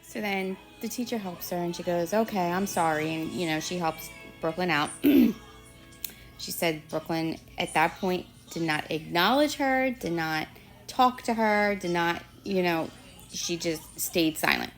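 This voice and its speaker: A woman retelling a story about her child's school day in a casual, rambling way, full of fillers and quick turns into quoted voices. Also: on the low side, faint music behind. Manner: chatty, rambling retelling full of "you know" and "like"; slips into quoted voices for others. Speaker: parent telling a school story.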